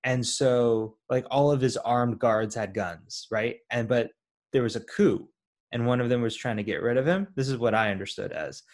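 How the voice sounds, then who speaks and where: A man in casual conversation, calmly laying out plot details and joking along. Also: mid-range voice, moderate pace. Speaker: podcast co-host discussing a film. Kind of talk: casual chat.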